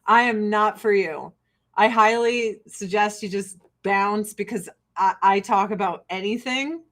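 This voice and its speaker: A woman's voice: mid-range voice, a little slow, a bit bright. An American woman hosting a casual livestream, talking bluntly and swearing freely while she laughs often and sells skincare. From United States. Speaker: livestream host selling skincare.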